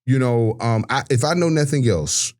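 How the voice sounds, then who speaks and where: A man's voice: mid-range voice, normal speed, darkish tone. Man, 40s, earnest, reflective, restarts his sentences. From Georgia, US. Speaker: podcast guest, sports broadcaster. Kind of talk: candid personal storytelling.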